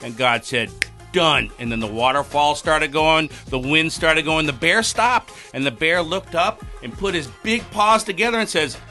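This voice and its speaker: Bright-voiced man telling a joke. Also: a little high, moderate pace, hardly any pauses, soft background music. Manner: playful storyteller, chuckling. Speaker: firearms instructor guest. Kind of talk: telling a joke on a radio show.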